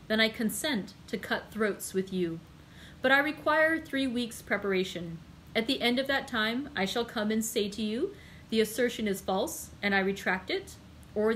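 A composed, wry gentleman from a classic novel, calm and formal, as a woman reads him aloud. He speaks in long, measured sentences at a middling pitch. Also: a little hiss or hum, close to an everyday voice, low-quality recording.

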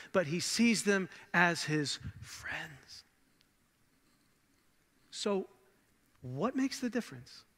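A pastor delivers his sermon in a high, bright voice, leaning on dramatic pauses and sinking soft and low for the key words. He drops in casual asides along the way, and a long reverb trails his voice through the large hall. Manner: conversational asides.

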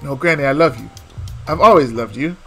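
A man casually playing a video game, trash-talking and shouting profanity at a game character. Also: a little high, animated, fairly quick, faint music behind. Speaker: gamer playing the grandson. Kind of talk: casual gaming banter.

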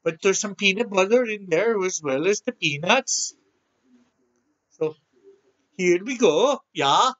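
A man's voice: high voice, animated, slow pace, long pauses, a bit bright, muffled recording. A man reviewing a snack in a casual vlog, chatting easily and talking with his mouth full. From Canada. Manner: chatty, eats while talking.

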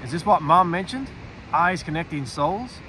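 A man reading a first-person fantasy audiobook in an expressive storytelling way, dropping to a quiet aside for the narrator's inner thoughts. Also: on the high side, normal speed, slight background noise, rough recording.

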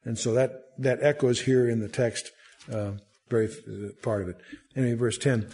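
A man's voice: mid-range voice, steady tone, moderate pace, dark tone. Man teaching a verse-by-verse Bible study. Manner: reads scripture aloud, then explains it conversationally with frequent restarts.

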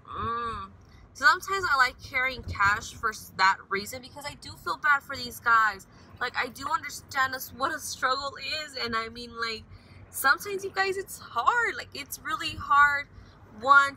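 Bright, high young woman vlogging. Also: a little hiss or hum, rough recording. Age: young adult. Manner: emotional, rambling, swings from upbeat to frustrated. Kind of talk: casual vlog while driving. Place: in a car.

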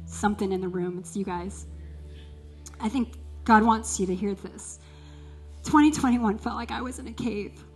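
A woman's voice: a little high, a little mellow. A woman co-leading the service who is crying as she shares a personal testimony with the congregation. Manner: emotional, tearful and personal. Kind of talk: sermon testimony.

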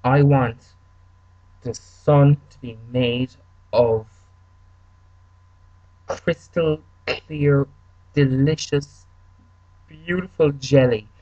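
A man's voice: mid-range voice, steady tone, drawn-out words, long pauses, mellow, no echo, lo-fi sound. A man doing a giddy, greedy castaway. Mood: gushing. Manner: gushing, piles up demands.

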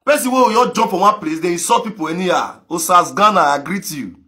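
A man with a Nigerian Pidgin accent ranting on a live video, mocking others with frequent laughter and sudden shouts. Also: high-pitched, lively intonation, a little fast. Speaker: social media commentator.

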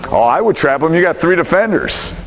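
A man coaching basketball players through a drill in a gym, giving brisk commands and explaining the teaching points. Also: fairly high pitch, sing-song, fairly bright tone, poor audio. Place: gym during practice.

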